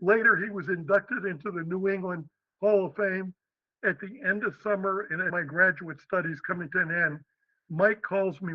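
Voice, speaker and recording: An older man from Western Pennsylvania, a podcast guest, telling his life story in an animated way and acting out the quotes. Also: high-pitched, moderate pace, no room sound. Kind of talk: storytelling interview. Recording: slightly dull, dry lo-fi podcast audio.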